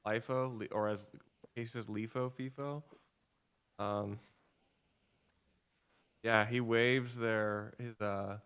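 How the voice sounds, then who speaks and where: A man co-hosting a livestream in easygoing, playful chat who often trails off softly. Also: on the low side, flat delivery, takes it slowly, long pauses, clean tone. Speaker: co-host.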